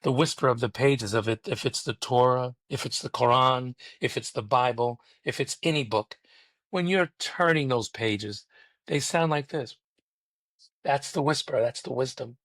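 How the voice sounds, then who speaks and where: A man's voice: mid-range voice, moderate pace, a bit bright, dry recording. A man speaking as a podcast guest over a remote call, preachy and emphatic, building rhythmic motivational lines.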